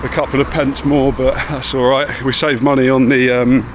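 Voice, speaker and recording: Strolling around town, a man vlogs in a rambling, laid-back way, tossing in the occasional swear word. His voice is mid-range with a level tone at a normal speed, and street noise carries behind him as he moves between the streets and a car.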